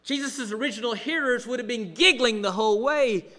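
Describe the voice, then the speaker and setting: Male pastor preaching, high bright voice, animated, goes hushed sometimes. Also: a little fast. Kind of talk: sermon with humorous storytelling.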